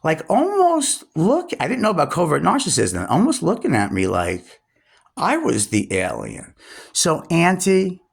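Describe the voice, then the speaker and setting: A man in his sixties ranting scornfully, straight into the camera, at a relative, pausing to stress his words. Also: fairly high pitch, wildly swooping pitch, gravelly, husky. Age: 60s. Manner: scornful, drawn-out emphatic pauses. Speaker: vlogger. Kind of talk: angry direct-address rant.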